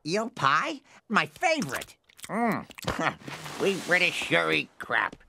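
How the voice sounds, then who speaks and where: A man's voice: fairly high pitch, wildly swooping pitch, slow pace, vocal fry, noisy background, heavily acted. A man voicing a dim, lazy male police inspector in a cartoon, with a dismissive drawl. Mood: smug.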